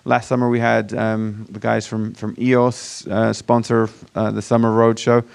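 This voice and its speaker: A man from Virginia with an accent that mixes American and British, giving a casual, self-deprecating startup pitch to a conference audience with many fillers and restarts. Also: flat delivery, measured pace, creaky, a little mellow, clean tone. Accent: mixed American and British. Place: conference room before a live audience.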